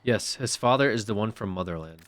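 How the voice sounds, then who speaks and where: A man's voice: on the low side, lively intonation, a little fast, fairly bright tone, no echo. Young guy streamer grumbling over a game, swears a lot, voice jumps up and down. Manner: exasperated, swears often. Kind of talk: casual gameplay commentary.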